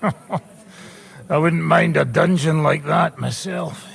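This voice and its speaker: A man voicing a rowdy, crude mercenary with a gravelly voice in a video game cutscene. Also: a little high, slow, exaggerated voice. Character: rowdy, coarse mercenary who laughs loudly.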